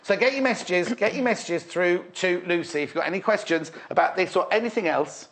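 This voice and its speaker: Brisk, high and fairly bright, this Merseyside man's voice fronts a live shopping show. He gushes about the products, says things over again, and trades teasing banter with his guest as he sells.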